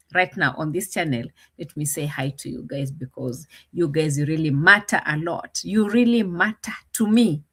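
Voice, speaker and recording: A woman's voice: fairly low pitch, a bit bright, breathy edge. Chatty woman live-stream host. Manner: chatty, laughing, greeting viewers by name. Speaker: reaction channel host. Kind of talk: casual live-stream chat.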